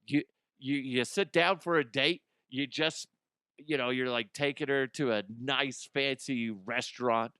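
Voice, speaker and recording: A man's voice: medium pitch, fairly even intonation, a little slow, pushed and bright, smooth, no room sound, clean studio sound. Profane rambling man ranting on the news. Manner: profane, rambling, acts out imagined people. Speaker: comedy news host. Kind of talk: casual comedic news rant.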